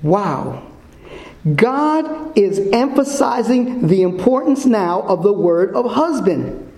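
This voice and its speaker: A man preaching a sermon to a congregation in a church, repeating his points slowly and quizzing the listeners with fill-in questions. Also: high voice, warm tone. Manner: slow, emphatic repetition. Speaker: pastor. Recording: echoey church room.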